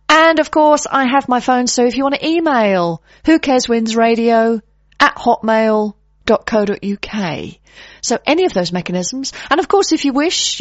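A woman's voice: fairly high pitch, dry recording, highs cut off. A woman hosting a radio show from a studio, talking casually and rambling with many fillers.

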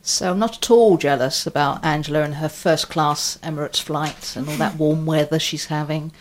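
Chatty woman radio host in a studio, slightly low voice, faint noise. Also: steady tone, normal speed. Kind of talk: casual studio chat.

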